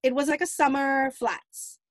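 A woman's voice: sits high, steady tone, a little slow, no echo. A middle-aged mother recounting an emotional family story, replaying her own past dialogue at length. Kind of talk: personal storytelling.

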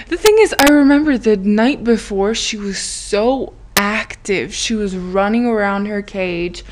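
A woman's voice: mid-range voice, measured pace, few pauses, very noisy. A woman hosting a podcast, telling a story in a chatty, giggly way, full of "like" and acted-out quotes. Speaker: podcast host. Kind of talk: casual storytelling monologue.

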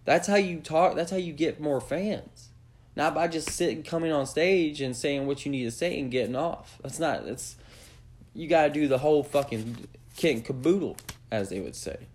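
A man's voice: a little high, moderate pace, darkish tone, slight background noise. A man hosting a podcast, delivering a blunt, profanity-heavy rant that lectures his listeners. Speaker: podcast host. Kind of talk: opinionated rant.

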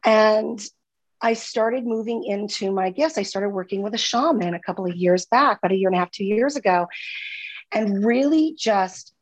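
A woman, a former nurse, speaking as a guest in a casual podcast conversation, earnest and heartfelt, often repeating words. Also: medium pitch. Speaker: guest, former nurse turned spiritual healer.

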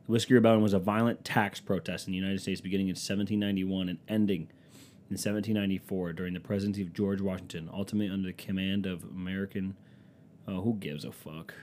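A young man chatting casually and comically as a podcast host, rambling and swearing, with quick dips into silly voices. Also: low-pitched, flat delivery, darkish tone, slight background noise. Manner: rambling, profane, slips into silly quoted voices. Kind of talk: casual comedic chat.

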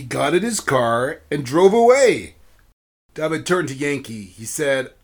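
A man narrating a children's story in a steady storytelling manner. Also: a little high, measured pace.

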